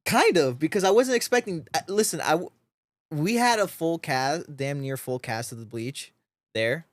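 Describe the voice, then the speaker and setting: A podcast speaker rambles through casual chat in an amused, halting way. The voice sits at a middle pitch. The recording is dry and close. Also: animated, no echo.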